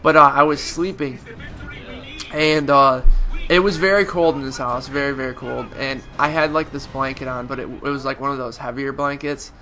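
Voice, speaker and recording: Nasal young man with a bright voice. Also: mid-range voice, fairly even intonation, normal speed, slight background noise. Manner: rambling, many fillers and restarts. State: stuffy with a cold. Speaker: gaming YouTuber. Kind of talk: casual storytelling over gameplay.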